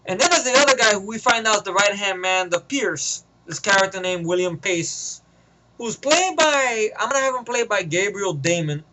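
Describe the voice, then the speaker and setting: Brief: high-voiced guy pitching a movie, slangy and rambling, noisy home tape. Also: lively intonation, normal speed, pushed and bright. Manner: rambling, casual slang, swearing. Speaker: vlogger.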